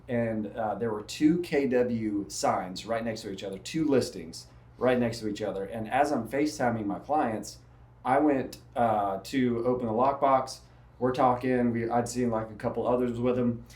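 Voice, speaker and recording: A man's voice: medium pitch, echoey room. A man working as a real estate agent, telling stories in a casual chat and laughing often.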